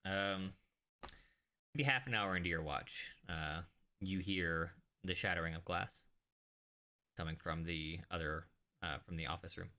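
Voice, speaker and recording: A man running a tabletop game as dungeon master, his voice low yet bright. He narrates in a relaxed, halting way, full of small pauses and fillers.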